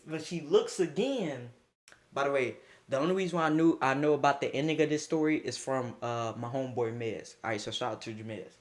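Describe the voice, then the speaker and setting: A young man on a phone live stream, telling a story in a profane, animated way and acting out what people said. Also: medium pitch.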